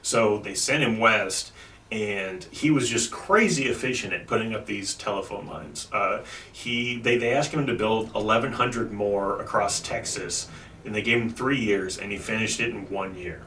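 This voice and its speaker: Picked up by a distant mic in an echoey room with faint noise, a comedy podcast host rambles loosely through a history story, filling it with likes and ums. He speaks at a moderate pace in a lowish voice that sounds pushed and bright.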